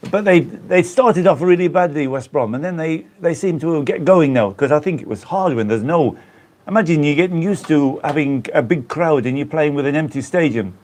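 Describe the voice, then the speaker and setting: A man's voice: a little high, moderate pace, a little mellow. A man from the Black Country of England, hosting a casual live stream and chatting in a rambling way with viewers he greets by name.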